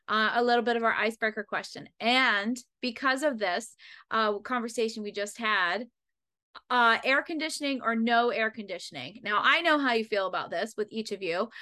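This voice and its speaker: A woman's voice: a little high, pushed and bright. A woman from Pennsylvania co-hosting a podcast, chatty and rambling with plenty of fillers. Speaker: podcast co-host. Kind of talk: casual chat.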